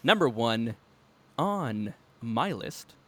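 A man's voice: mid-range voice, very animated, very slow, sharp tone. A man co-hosting a casual podcast, talking with enthusiasm and laughing often. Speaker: podcast co-host. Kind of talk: casual podcast chat about wrestling.

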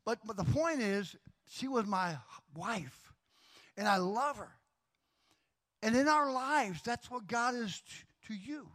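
Male pastor, middle-aged, high voice, animated storyteller, preaching a sermon. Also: slow. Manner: animated storyteller, acts out voices, laughs often.

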